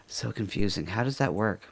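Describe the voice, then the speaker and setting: With a gravelly voice on the low side, this Canadian podcast co-host rambles through casual commentary, cracking jokes and laughing a lot.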